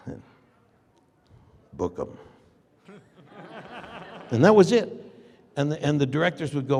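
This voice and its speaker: An older man telling an animated anecdote on a convention panel, acting out dialogue and laughing often. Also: on the high side, slow, creaky, pauses often. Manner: acts out dialogue with shifting voices, laughs often. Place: large convention hall. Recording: long hall reverb.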